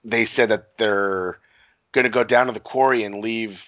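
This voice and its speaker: A man's voice: fairly low pitch, fairly even intonation, normal speed, fairly bright tone, no room sound. Man, casual movie recap, profane, rambling, dry dull recording. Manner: profane, rambling storytelling with acted-out quotes. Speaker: podcast co-host recapping a movie. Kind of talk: casual chat.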